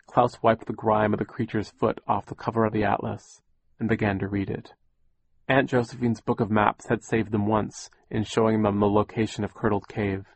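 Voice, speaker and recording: A man narrating an audiobook in a measured, wry storytelling manner. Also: lowish voice, no room sound. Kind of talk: scripted narration.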